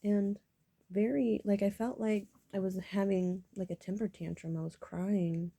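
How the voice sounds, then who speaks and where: A woman telling an emotional personal story, halting and tearful, sometimes drifting into whispers. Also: medium pitch, steady tone, vocal fry, mellow, no room sound.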